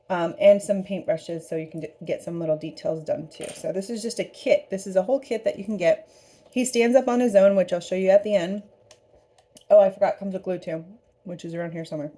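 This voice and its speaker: Chatty woman with a mellow voice. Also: mid-range voice. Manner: chatty, upbeat, talks while eating. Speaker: craft studio host. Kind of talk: casual craft tutorial.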